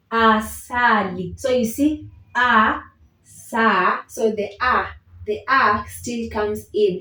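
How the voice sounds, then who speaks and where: A woman teaching a beginner language lesson, patient and encouraging, leading repeat-after-me drills and often checking in with "okay?". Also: medium pitch. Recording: roomy, distant mic.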